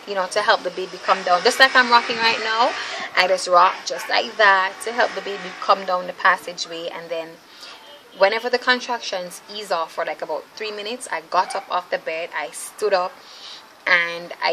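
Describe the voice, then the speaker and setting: Chatty, animated young woman vlogger. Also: lowish voice, moderate pace, a little hiss or hum, rough recording. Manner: chatty, animated, laughs often, addresses viewers as ladies. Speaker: vlogger, mother. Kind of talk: casual vlog storytelling.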